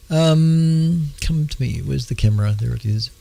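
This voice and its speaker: An Australian man hosts an astronomy radio show in a gravelly, mid-pitched voice. He talks casually and haltingly, with many ums and uhs. He keeps clearing his throat because his voice is wearing thin. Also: warm tone. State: losing his voice. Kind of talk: casual astronomy news talk.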